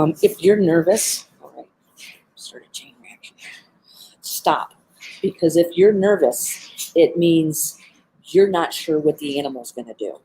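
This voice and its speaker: A woman's voice: lowish voice, unhurried, mellow, breathy edge, low-quality recording. A woman animal behavior trainer giving earnest, heartfelt advice in a live-streamed talk, with frequent "um" fillers. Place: animal center, sitting among birds.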